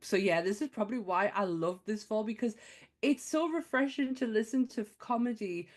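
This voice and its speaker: A woman co-hosting a podcast in casual chat, excitable and quick to giggle. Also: medium pitch. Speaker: podcast co-host.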